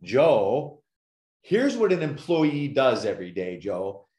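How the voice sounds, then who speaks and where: A blunt uncle lectures a boy in a mid-pitched man's voice, hammering every point home. A man puts him on as he tells the story. The room around him rings with echo. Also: big pitch swings, slow, dark tone. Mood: lecturing. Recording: echoey room.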